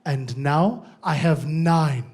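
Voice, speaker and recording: A man voicing his tiny, unflappable African mother, who speaks slowly and deadpan. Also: sits low, noisy background, voice pushed down. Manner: slow, deadpan, unblinking delivery. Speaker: trivia champion mother.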